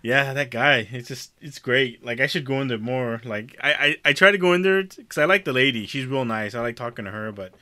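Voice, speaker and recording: Male co-host, casual swearing storyteller, bright forceful tone, dry close sound. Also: mid-range voice, fairly quick, hardly any pauses, dry recording. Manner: rambling profane storyteller, laughs often. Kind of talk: casual chat.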